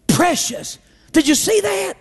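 A man preaching a fervent revival sermon in a very high, gravelly voice. He hammers his points with repetition, rising to shouts and dropping to hushed pleas. His voice rings with a long reverb through a large auditorium. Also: lively intonation, normal speed. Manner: impassioned, repetitive, swings between shouting and hushed pleading. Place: church auditorium.

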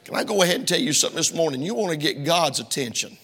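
A man's voice: on the high side, lively intonation, racing, fairly bright tone, husky. A middle-aged man preaching a sermon to his congregation in a church, impassioned and full of rhetorical questions. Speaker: pastor. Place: church sanctuary. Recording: long reverb of a church hall.

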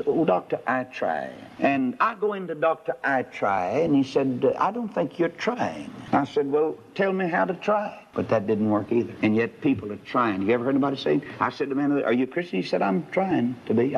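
A man preaching a sermon, telling a story with acted dialogue and swinging up into high, emphatic peaks. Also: animated, fast talker, gravelly, hardly any pauses, a little hiss or hum. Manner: dramatic storytelling, voicing characters, rising to high emphatic peaks. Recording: dull lo-fi sermon recording.

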